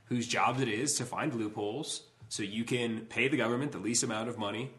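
Laid-back guy on a podcast, bright sharp voice, short comebacks. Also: medium pitch, steady tone, brisk. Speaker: podcast co-host. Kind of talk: casual chat.

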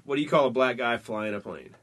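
A man's voice: medium pitch, quick pace, a bit bright. A man co-hosting a podcast, casually telling jokes, swearing often and laughing between lines. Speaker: podcast co-host. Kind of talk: casual joke-telling chat.

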